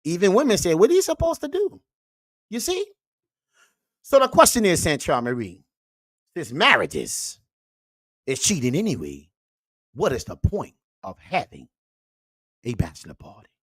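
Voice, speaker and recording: A performer puts on a sermonizing uncle who lectures his audience like a preacher. His pitch leaps wildly from high squeals to low growls, and he leans on "baby" and "you see". The sound is close and completely dry. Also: huge pitch swings, normal speed, long pauses, no echo. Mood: preachy. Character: preachy male uncle lecturing on red-pill views. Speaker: host. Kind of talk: comedic character monologue reacting to clips.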